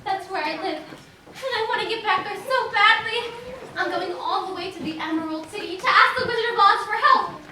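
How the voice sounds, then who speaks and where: A woman's voice: extremely high pitch, moderate pace, sharp tone, slight background noise, heavily acted. A woman playing Dorothy, a sweet farm girl. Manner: earnest, sweetly polite. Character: young farm girl, polite and kindly. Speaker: stage actor. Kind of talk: live community theater acting. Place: theater stage. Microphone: distant audience camera. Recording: echoey theater heard from far off with music.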